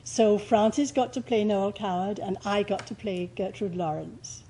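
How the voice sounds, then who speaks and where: An older actress telling stage anecdotes in an interview, with a lively, theatrical delivery. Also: female voice, medium pitch, measured pace, a little hiss or hum, low-quality recording.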